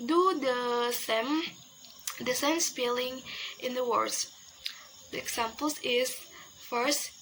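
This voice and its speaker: A young woman whose first language is Indonesian, presenting an English pronunciation lesson slowly and haltingly, repeating each example word with many fillers. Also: high voice, bright, forceful tone, a little hiss or hum, rough recording. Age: young adult. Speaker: student presenter.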